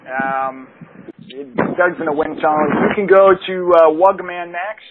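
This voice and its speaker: A man's voice: high voice, a little slow. A man co-hosting a casual comedy podcast, rambling through a silly story with lots of fillers and laughs. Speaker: podcast co-host. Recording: tinny phone-like sound, faint hiss.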